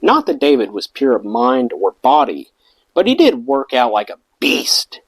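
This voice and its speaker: Lively male audiobook reader, dry sound. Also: mid-range voice, a little slow, slightly rough, dry recording, low-quality recording. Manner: expressive reading, acts out quoted lines. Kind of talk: reading a memoir aloud.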